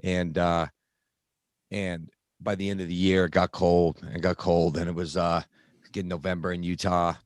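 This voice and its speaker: A man earnestly telling a personal recovery story in conversation, halting, with many restarts and fillers. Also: low-pitched, little pitch movement, no room sound, studio quality. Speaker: guest sharing recovery story.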